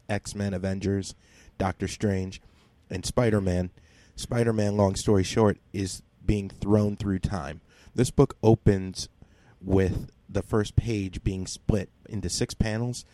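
Deep, dark-toned man recapping a comic. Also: no room sound. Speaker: podcast co-host. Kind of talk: casual comic book recap.

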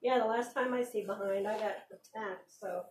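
A woman's voice: medium pitch, steady tone, normal speed, darkish tone. A woman playing a tabletop game, casual and joking. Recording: roomy echo, faint noise.

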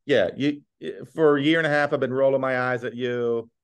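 A male podcast co-host talking in a casual, ranting way, blunt and sarcastic. His voice sits at an ordinary middle pitch, and he swears freely while he complains. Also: steady tone, moderate pace, smooth. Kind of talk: casual food-review chat.

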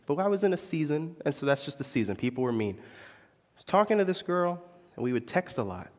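A young adult man and pastor telling a personal story in a sermon, animated, confessional and poking fun at himself. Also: on the high side, brisk. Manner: animated, confessional, self-mocking. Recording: long echo of a large hall.

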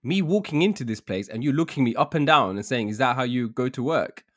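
A young man, casually telling a dating story on a podcast, animated and laughing often. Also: mid-range voice, a little fast. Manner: animated, laughing often, says "bruv" a lot. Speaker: podcast co-host.

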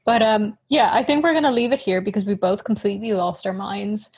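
A woman's voice: medium pitch, a little fast, a little mellow, slightly rough. A young woman co-hosting a podcast, chatting casually in a giggly, rambling, self-mocking way, wired on coffee. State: caffeinated. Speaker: podcast co-host. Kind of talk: casual chat.

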